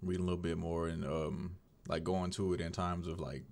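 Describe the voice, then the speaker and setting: Lower-pitched man talking through his faith. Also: flat delivery, fairly quick, gravelly, a little mellow. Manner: rambling, conversational, searching for words. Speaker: video diarist. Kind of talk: casual reflective talk on faith.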